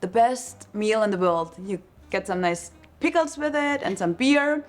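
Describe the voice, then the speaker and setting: A woman, explaining her views in a relaxed chat. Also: medium pitch, measured pace, soft background music. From Germany. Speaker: interviewee. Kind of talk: casual opinion talk.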